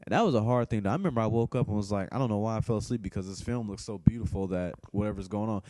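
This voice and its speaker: A man's voice: fairly low pitch, very fast, warm tone, no echo. A man giving a blunt, profane movie review, rambling with frequent restarts and fillers. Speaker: film reviewer. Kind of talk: casual spoken movie review.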